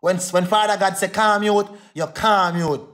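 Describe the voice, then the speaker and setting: A man's voice: high-pitched, steady tone, normal speed, fairly bright tone. A young Jamaican man in a heated livestream rant, defiant and repetitive, calling out to his viewers.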